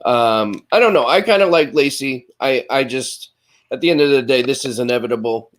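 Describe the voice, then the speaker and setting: A man with an ordinary, mid-pitched voice talks wrestling on a casual podcast. He stumbles over his first words, then states his opinions more steadily. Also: a little fast. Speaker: podcast co-host.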